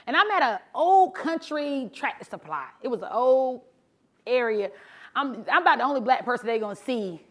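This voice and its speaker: A woman who drives trucks, telling her story in a bubbly, animated motivational speech to a live audience and talking casually to the crowd. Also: high voice, normal speed. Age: adult, mother of sons. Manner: casual, chatty, addresses crowd as honey and y'all. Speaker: truck driver and social media creator. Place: live event before an audience.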